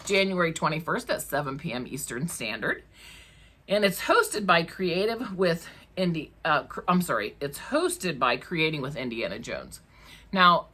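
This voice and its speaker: Husky low-voiced woman, chatty craft vlogger. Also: bright, forceful tone. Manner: chatty, emotional, laughs often. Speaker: craft channel host. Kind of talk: casual chat to camera. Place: crafting room at home.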